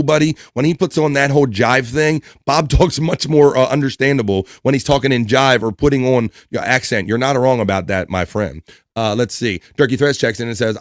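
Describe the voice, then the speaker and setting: A man's voice: medium pitch, no room sound, studio quality. A man hosting a casual livestream, chatting and reading viewer comments aloud with frequent laughs. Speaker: livestream host.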